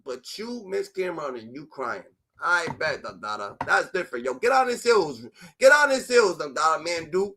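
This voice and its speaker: A man's voice: fairly high pitch, sing-song, normal speed, sharp tone. A man with a New York accent ranting heatedly and profanely about a rapper, peppering his talk with repeated "da, da, da" fillers. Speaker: streamer commentator. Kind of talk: heated reaction rant.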